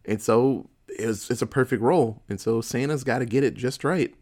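A man's voice: mid-range voice, normal speed, a little mellow. A man in casual chat, retelling a movie plot in a profane, laughing storytelling manner.

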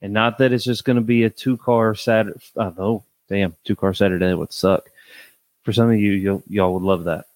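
Blunt, low-voiced man hosting a podcast. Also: steady tone, normal speed, no room sound. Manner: candid, blunt and opinionated, with frequent fillers. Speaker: podcast host. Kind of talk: casual solo podcast monologue.

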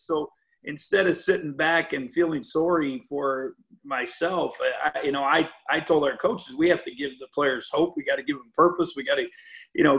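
Older coach with a gravelly voice. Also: male voice, fairly high pitch, a bit bright. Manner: rambling, many restarts and "you know" fillers. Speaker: college basketball head coach. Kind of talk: podcast interview over a call.

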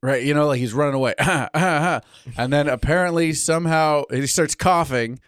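A man from California co-hosting a casual podcast about a cartoon, animated and sweary, recording in a tiny studio. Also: on the high side, moderate pace, clean tone, dry recording. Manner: animated, swears, acts out characters in quotes. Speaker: podcast co-host. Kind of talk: casual chat. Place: tiny studio on a wind farm.

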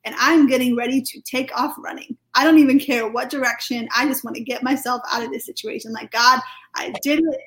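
A British woman, a podcast guest, telling a personal testimony in a chatty, lively way full of fillers. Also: high voice, brisk, hardly any pauses, poor audio. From United Kingdom.

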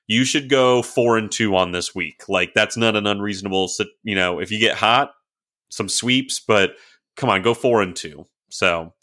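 A man's voice: lowish voice, normal speed, bright, forceful tone. A man co-hosting a casual sports podcast, rambling with lots of fillers before an upbeat sign-off. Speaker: podcast co-host.

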